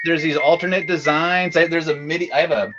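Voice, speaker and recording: A man, a co-host telling a rambling, halting story in a casual interview chat. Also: a little high, fairly even intonation, muffled recording, music in the background.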